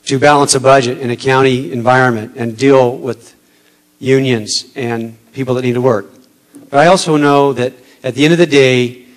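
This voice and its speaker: Male candidate, earnest and halting debate speech, mid-range pitch. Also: low-quality recording. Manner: halting, many filler pauses; earnest, gets emotional. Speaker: political candidate. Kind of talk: debate statement.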